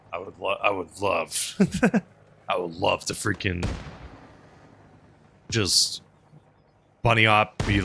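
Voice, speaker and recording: A man streaming a game, chatting casually and rambling aloud, swinging between loud bursts and mumbled asides. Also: low-pitched, slight background noise. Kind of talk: casual live-stream commentary while playing.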